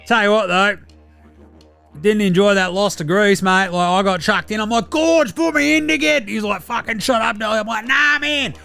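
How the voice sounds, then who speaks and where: A man with an Australian accent voicing a brash, swearing young male basketballer in a comedic phoned-in sketch, loud and laddish. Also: high-pitched, clear, resonant tone, voice pushed up.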